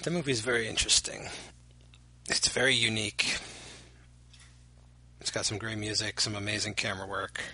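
A man's voice: fairly low pitch, fairly even intonation, moderate pace, long pauses, bright, forceful tone, poor audio. A man co-hosting a podcast, chatting about a movie with easy laughs and wry quips. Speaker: podcast co-host. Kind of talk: casual movie commentary chat.

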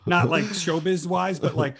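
A man, a guest on a rewatch podcast, telling lively behind-the-scenes stories and acting out quotes. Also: sits high, unhurried, creaky, breathy edge. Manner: animated, acts out quotes with swearing. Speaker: podcast guest, actor from the show. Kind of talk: casual storytelling.

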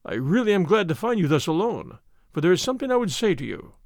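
A man's voice: sits high, sing-song, fast, a little mellow, no room sound, clean studio sound. A man voicing an arrogant army captain in an audiobook, purring and sneering as he presses his suit. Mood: wooing. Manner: sneering, overbearing. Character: arrogant bold army captain suitor, male. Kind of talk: audiobook character reading.

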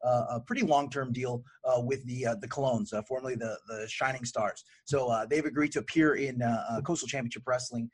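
A man, a wrestling promoter from Brazil, talking in a casual podcast chat, upbeat but halting with fillers. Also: mid-range voice. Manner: energetic, joking, then halting with fillers.

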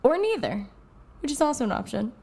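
A woman co-hosting a podcast with a slightly high voice. She jokes playfully as she chats. The tone is loose and informal. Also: sing-song, a little fast, creaky, mellow. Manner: playful, joking. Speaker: podcast co-host. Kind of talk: casual podcast chat.

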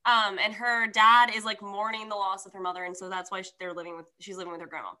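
A woman's voice: medium pitch, level tone, fast, pushed and bright. A young woman chatting casually about a book, bubbly and gushing, with lots of filler words.

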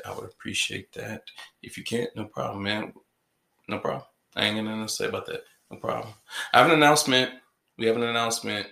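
Deep-voiced joking man hosting a podcast. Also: creaky, sharp tone, reverberant. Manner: joking, playful, rambling. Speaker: podcast host. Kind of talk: casual podcast chat.

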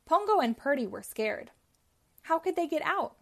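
A woman reading a children's storybook aloud, telling it clearly and expressively. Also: high-pitched, very animated, normal speed. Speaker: storybook reader.

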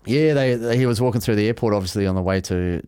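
A man's voice: fairly low pitch, fast, mellow, smooth, dry recording, clean studio sound. A man talking rugby in a casual chat, giving blunt, emphatic opinions. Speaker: rugby pundit.

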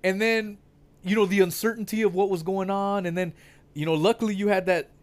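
A man's voice: sits high, steady tone, a little fast. A man joining a livestream as a friend, talking in indignant casual chat with lots of swearing and fillers. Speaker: guest on a livestream.

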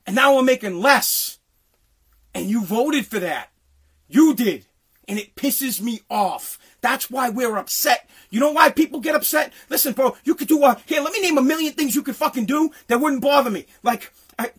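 A man ranting angrily, swearing constantly and often breaking into shouts. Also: very high-pitched, slightly rough. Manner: profane, heated, often shouting. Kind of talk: angry political rant.

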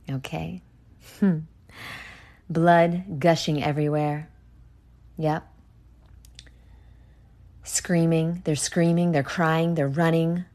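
Low, slow-talking woman ranting on her podcast. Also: fairly even intonation. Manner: ranting and profane, swinging between hushed and loud. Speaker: podcast host. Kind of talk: solo podcast monologue.

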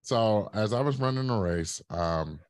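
A man who coaches runners, a podcast guest telling stories in a blunt, animated way. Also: fairly low pitch, measured pace. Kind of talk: casual interview storytelling.

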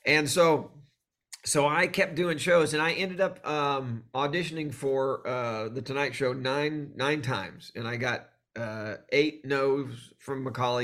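A male comedian telling animated stories as a guest in an interview, acting out the voices he quotes. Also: mid-range voice, takes it slowly. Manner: animated storyteller who acts out quoted voices. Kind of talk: storytelling in a conversational interview.

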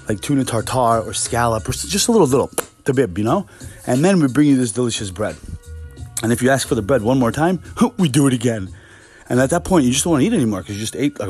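A man hosting a podcast, ranting casually and profanely with exasperated, animated energy and a husky voice. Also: mid-range voice. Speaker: podcast host. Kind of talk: casual rant monologue.

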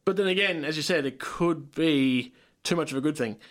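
An upbeat young man co-hosting a casual radio chat, dropping puns and easygoing stories. His voice sits a little high for a man and stays relaxed and friendly. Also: normal speed. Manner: upbeat, punny, relaxed storytelling. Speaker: radio co-host.

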